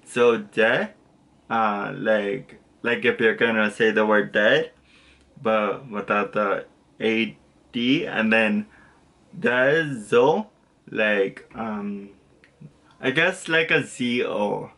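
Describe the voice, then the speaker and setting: A man's voice: on the low side, takes it slowly, vocal fry, bright, forceful tone. A young man casually teaching a basic lesson, rambling and correcting himself with lots of fillers and apologies. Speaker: language tutor.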